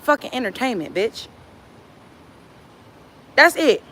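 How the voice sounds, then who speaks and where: Sharp-voiced woman ranting on a livestream. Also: fairly high pitch, sing-song, slow. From Los Angeles. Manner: profane, confrontational trash talk. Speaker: livestream host. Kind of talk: casual livestream rant. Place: laundromat.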